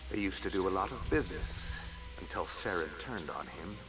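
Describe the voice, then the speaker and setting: An actor voicing a polite, scheming male alien financial agent in a video game, speaking in a courteous, formal, flattering way. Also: sits low, normal speed. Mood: smooth formal. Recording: noisy game audio capture.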